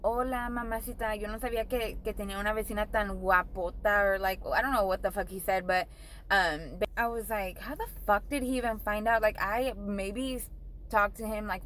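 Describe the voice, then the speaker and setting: A woman's voice: mid-range voice, fairly even intonation, moderate pace, fairly bright tone, slight background noise, poor audio. A young woman vlogger telling a story in a casual, rambling way, swearing often and saying "like" a lot. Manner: profane, rambling, says "like" a lot.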